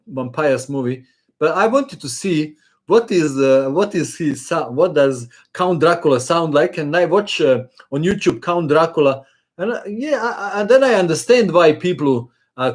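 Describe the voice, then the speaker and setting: Man, chess host, casual live Q&A, hesitant, friendly, slightly high voice. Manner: hesitant, many fillers, friendly.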